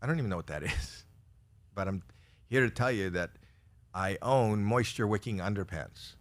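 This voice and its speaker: A man's voice: on the low side, normal speed. Comic, man, 60s: rambling self-deprecating stand-up, stammery restarts. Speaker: stand-up comedian. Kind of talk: stand-up routine for a virtual audience.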